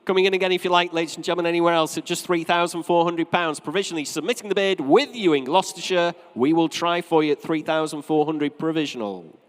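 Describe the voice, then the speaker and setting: A man with a North East English accent calls a live auction from the rostrum, his voice sitting a little high for a man. He rattles through bids in brisk, repetitive patter and drops in joking asides. The sound carries the long reverb of a big sale room. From North East England.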